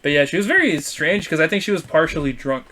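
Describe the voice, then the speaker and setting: A man's voice: a little high, fast. A young man co-hosting a casual podcast, telling a delivery story with lots of acted-out dialogue and frequent laughs. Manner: animated storytelling, acts out dialogue, laughs often. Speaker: podcast co-host.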